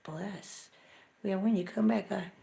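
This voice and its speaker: A woman hosting a laid-back livestream, talking in a chatty, self-mocking way and often muttering to herself. Her voice has a gravelly, fry-tinged edge. The sound carries a noticeable room echo. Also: medium pitch, fairly even intonation, unhurried, warm tone. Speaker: livestream host. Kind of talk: casual live chat. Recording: echoey room.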